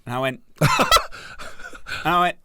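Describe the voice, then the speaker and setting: Lively, giggly man co-hosting a podcast. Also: on the high side, takes it slowly, heavy background noise. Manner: joking, giggly, teasing storyteller. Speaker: podcast co-host. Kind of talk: casual chat. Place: podcast studio.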